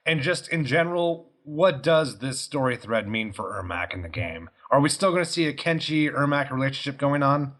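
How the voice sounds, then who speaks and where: A man's voice: mid-range voice, animated, normal speed, few pauses, fairly bright tone. A man co-hosting a fan podcast, reading out listener questions and answering them casually. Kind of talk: casual chat.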